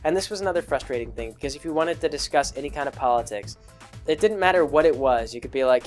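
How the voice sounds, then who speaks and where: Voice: mid-range voice, animated, fast. Give me a video creator casually answering fan questions, rambling with fillers, over faint background music. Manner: rambling, many fillers and restarts; acts out quoted people in a raised voice. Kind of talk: casual Q&A monologue.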